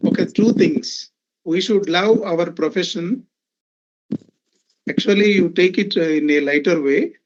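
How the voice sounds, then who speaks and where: A man's voice: high voice, unhurried, pauses often, muffled recording, a little hiss or hum. A man from Telangana answering audience questions at a symposium, reassuring and peppered with "actually" and "okay". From Telangana, India. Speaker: symposium resource person.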